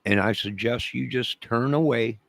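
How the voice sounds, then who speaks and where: A man's voice: medium pitch, normal speed, gravelly. A man from Chicago in a rambling direct-to-camera rant, menacing and repetitive, leaning hard on his words for emphasis.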